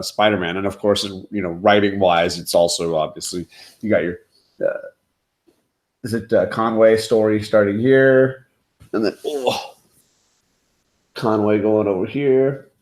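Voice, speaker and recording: Sitting at home before a display of comics, a man hosts a relaxed livestream in a lowish, darkish voice. He rambles loosely and fills his speech with plenty of fillers.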